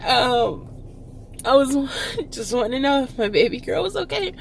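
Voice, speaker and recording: A young woman from Texas, a vlogger, telling a personal story with halting fillers and nervous laughs, close to tears. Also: sits high, very animated, creaky, slight background noise. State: tearful, close to crying.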